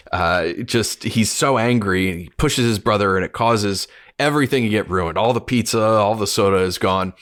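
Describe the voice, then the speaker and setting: Animated middle-aged male co-host. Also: lowish voice. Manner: animated storytelling with restarts. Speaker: podcast co-host. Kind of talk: casual discussion.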